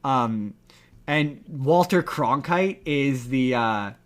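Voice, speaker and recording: A man co-hosting a podcast in casual chat, retelling a film scene by scene and acting out its lines. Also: mid-range voice. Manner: animated, acts out movie lines in quick retellings. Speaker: podcast co-host.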